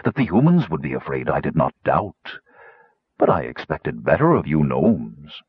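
A man doing a deep, soothing ancient spirit. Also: big pitch swings, breathy edge, dry recording, full character voice. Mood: soothing, proud. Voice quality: soothing bass. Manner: slow, proud and measured. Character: soothing, lofty ancient male spirit in a tower. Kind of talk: audiobook character voice. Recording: slightly muffled recording.

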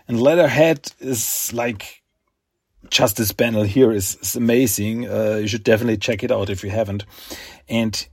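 A man hosting a podcast, recapping a comic book in a rambling, halting way with fillers. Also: on the low side, husky, no echo, studio quality. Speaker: podcast host.

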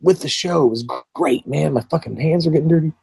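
A man's voice: fairly high pitch, quick pace, vocal fry, dark tone, husky, no echo. A man co-hosting a podcast, rambling in sarcastic, heavily profane chat. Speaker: podcast co-host.

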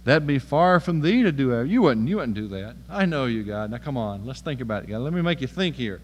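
A man's voice: mid-range voice, animated, fairly quick, long reverb tail, a little hiss or hum, close to an everyday voice. A man playing a wheedling old male patriarch who bargains with God like a salesman, pleading and coaxing.

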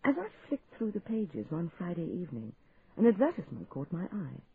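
A man reading an audiobook aloud in a lively, expressive narrating style. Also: high-pitched, fairly quick, creaky. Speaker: audiobook reader. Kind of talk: scripted narration. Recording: tinny phone-like sound, faint hiss.

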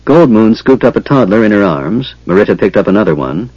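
A man narrating an audiobook in a measured, expressive manner. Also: on the low side, husky, no room sound, muffled recording. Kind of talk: scripted narration.

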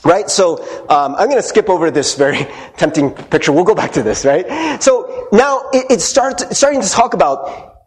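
A man's voice: high-pitched, normal speed. A male pastor preaching a casual, conversational sermon, often checking in with the congregation and acting out quoted voices. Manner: animated, conversational, frequent "right?" asides.

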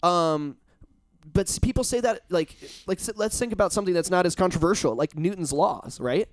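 A man's voice: sits high, brisk, no room sound. Man chatting, rambling and swearing, dry sound. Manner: rambling, swears a lot, emphatic. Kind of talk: casual chat.

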